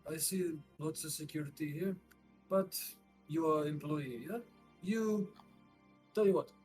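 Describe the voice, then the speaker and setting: A man's voice: on the high side, unhurried, a little mellow, faint music behind, voice pushed up, natural voice. A man voicing a blunt, pushy male adventurer who drops little words as he speaks. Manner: clipped speech dropping little words.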